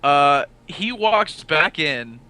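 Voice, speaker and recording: A man's voice: a little high, animated, very slow, sharp tone, clean tone. A man hosting a casual podcast, telling a long anecdote and acting out the quoted lines. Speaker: podcast host.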